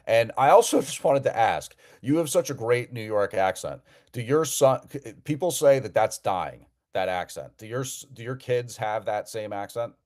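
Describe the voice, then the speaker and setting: A man from New Jersey hosts a live call-in show in an easygoing, conversational way. His voice sits a little low, and he often doubles words as he restarts his sentences. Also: darkish tone. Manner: chatty, repeats words as he restarts. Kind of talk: casual live call-in chat.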